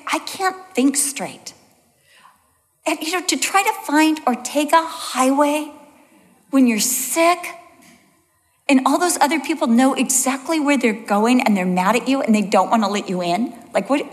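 A middle-aged woman, a Bible teacher, giving a conversational sermon to an audience and telling stories in a chatty, animated way. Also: sits high. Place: large hall before an audience. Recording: long reverb of a large hall.

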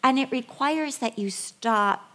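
Animated woman preaching with acted dialogue. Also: high-pitched, slow pace. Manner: animated storytelling, acting out voices and whispers. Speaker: women's ministry speaker. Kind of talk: sermon with acted-out Bible dialogue.

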